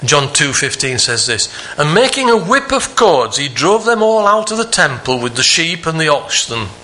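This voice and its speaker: A man preaching a sermon, earnest, climbing higher for emphasis and dropping soft on the quieter phrases. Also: big pitch swings, normal speed.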